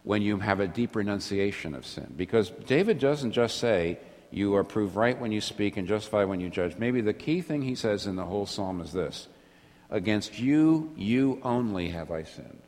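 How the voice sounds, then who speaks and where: Earnest male preacher in a reverberant hall. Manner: earnest, restarts phrases, swings between rising intensity and quiet low emphasis. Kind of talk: sermon.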